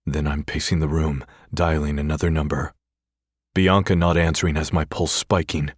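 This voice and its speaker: A man's voice: extremely low pitch, flat delivery, moderate pace, slightly rough, no echo, clean studio sound. A man narrating a first-person romance audiobook in a tense, brooding way.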